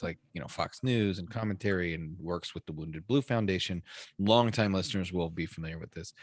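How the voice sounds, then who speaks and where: Man, lowish voice, dry close mic, animated storytelling, podcast co-host. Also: dry recording. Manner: animated storyteller, acts out quotes.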